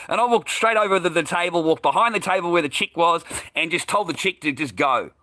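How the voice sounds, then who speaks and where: A middle-aged Australian man telling a story in an angry, profane rant, loudly acting out what he yelled. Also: sits high, expressive, fast, no room sound. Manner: profane, heated, shouting out remembered lines. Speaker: vlogger.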